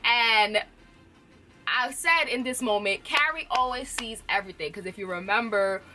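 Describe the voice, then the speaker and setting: Female TV reviewer, casual and laugh-prone, bright clear tone, soft music bed. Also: fairly high pitch, moderate pace. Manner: chatty, laughs often, fills with "like". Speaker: TV show reviewer. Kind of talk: casual recap chat.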